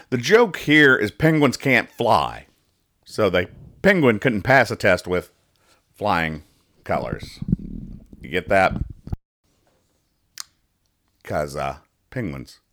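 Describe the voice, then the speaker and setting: This young adult man has a lowish, somewhat bright voice and hosts a casual podcast reading comic strips aloud. Explaining each joke, he rambles and fumbles his words.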